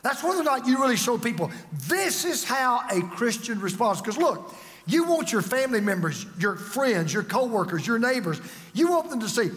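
High lively preaching man in a hall. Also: moderate pace. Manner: dynamic preaching, swings from loud to hushed. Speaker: pastor. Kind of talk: sermon.

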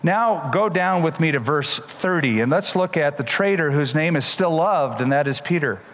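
Male pastor, somewhat high voice, emphatic sermon delivery, long hall reverb. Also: moderate pace. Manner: animated, emphatic Bible storytelling.

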